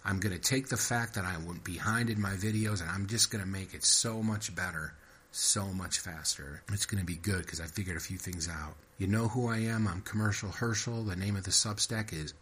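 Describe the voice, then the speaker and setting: Low husky man rambling after a story. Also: brisk, a bit bright. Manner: rambling, self-interrupting, repeats himself. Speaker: podcast host and fiction writer. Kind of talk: reading short fiction and casual chat.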